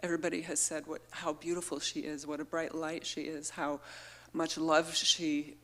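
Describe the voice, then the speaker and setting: A middle-aged woman speaks into a microphone at a gathering, offering an earnest, heartfelt memorial tribute. Her voice sits low and is a bit bright, and she talks at a normal pace with a flat delivery, though she sounds emotional.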